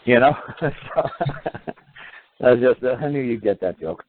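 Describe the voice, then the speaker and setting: A man's voice: mid-range voice, normal speed. A man hosting a talk show, telling a long story in a casual way and acting out the voices of the people in it. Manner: animated, acts out quoted voices. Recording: tinny phone line audio.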